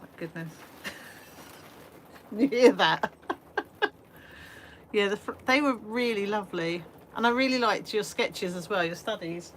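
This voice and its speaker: A woman's voice: mid-range voice, lively intonation, a little slow, pauses often, fairly bright tone. Chatty woman live-streaming from her shed. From England. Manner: chatty, self-deprecating, rambling with fillers. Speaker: art livestream host. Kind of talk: casual live stream chat. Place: small garden shed studio. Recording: faint background noise.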